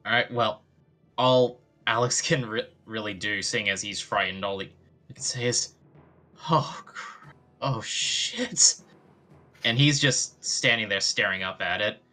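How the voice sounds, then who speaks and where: Guy with a bright voice playing d&d, kinda loose, faint music behind. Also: on the low side, moderate pace. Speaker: player. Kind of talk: tabletop game play.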